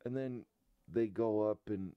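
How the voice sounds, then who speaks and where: A man's voice: on the low side, a little slow, smooth, no echo, highs cut off. A young man hosting a podcast, chatting casually and laughing as he retells a sitcom episode in a rambling way. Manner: laughs often, rambling retelling with quoted lines. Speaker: podcast host.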